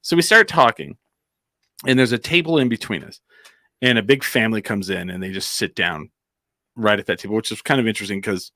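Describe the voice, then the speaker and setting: A man's voice: medium pitch, sharp tone, dry recording, studio quality. A man from Albuquerque telling a casual anecdote on a comedy podcast, rambling with plenty of "like" and restarts. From Albuquerque, New Mexico.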